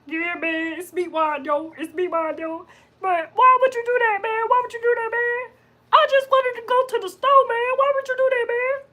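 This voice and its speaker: Squeaky, slurring cartoon meatball creature, hurt and whiny, very high and bright, put on by a woman. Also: flat delivery, normal speed. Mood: aggrieved. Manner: squeaky, slurred, whining complaints.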